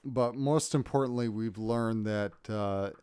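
A man's voice: fairly low pitch, a little slow, clear, resonant tone, no echo, studio quality. Drunk, crude podcast co-host man. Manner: loud, crude and laughing. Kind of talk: casual chat.

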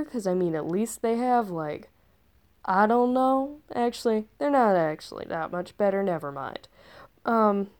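A woman's voice: medium pitch, a little mellow. Chatty woman spinning a rambling story. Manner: chatty and rambling, with sarcastic asides. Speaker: time-traveler storyteller. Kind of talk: casual in-character storytelling.

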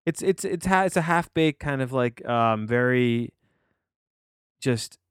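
A man's voice: medium pitch, expressive, measured pace, clean tone, no room sound, studio quality. A man hosting a solo podcast, rambling and digressing as he reviews a movie, often restarting his sentences and swearing casually. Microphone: close to the mic.

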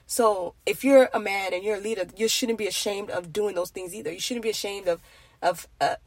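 A woman's voice: mid-range voice, brisk, dry recording. Earnest young woman on faith. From Nigeria. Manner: earnest, rambling with restarts. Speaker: faith vlogger. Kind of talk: casual faith monologue.

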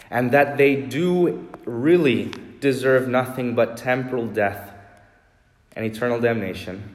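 Earnest preaching man in an echoey church. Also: medium pitch. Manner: earnest preaching, slowing and softening for emphasis. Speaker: pastor. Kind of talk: sermon.

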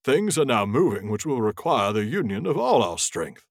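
A man voicing a wise, earnest old male wizard in a slow, measured reading. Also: mid-range voice, very animated, no echo, clean studio sound. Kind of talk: reading a novel aloud in character voices.

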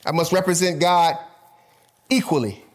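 A pastor preaching a sermon to his church, swinging from loud, high bursts down to low murmurs. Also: moderate pace.

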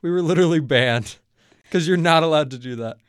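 A young adult college student from Kentucky, USA, appears as a guest in a casual interview, his voice on the high side, clean-toned, and a little fast. He's chatty and tells stories packed with fillers.

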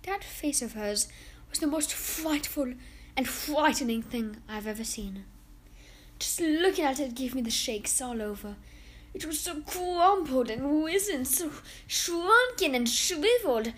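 A woman reading a children's story aloud in an expressive, dramatic way. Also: sits high, unhurried, slight background noise.

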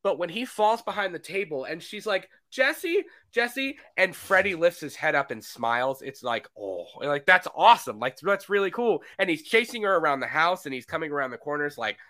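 Animated high-voiced man on a podcast. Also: brisk, few pauses. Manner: animated, acts out movie scenes, laughs often. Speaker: podcast co-host. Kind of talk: casual movie podcast chat.

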